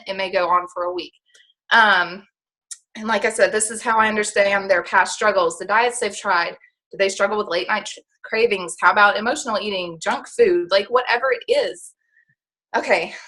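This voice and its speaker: Young woman, sales coach, bright forceful voice, animated, chatty. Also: medium pitch. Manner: animated, chatty, lots of "like" and "okay?". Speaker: sales coach on a team call. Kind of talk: coaching talk on a call.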